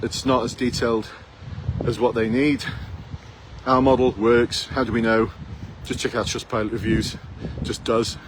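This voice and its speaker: A blunt man in his fifties coaches would-be police recruits, firing off rhetorical questions in a challenging tone. His voice sits at an ordinary middle pitch. Faint town sounds and passing traffic hum behind him outdoors. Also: level tone, normal speed, rough recording. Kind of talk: direct advice to camera.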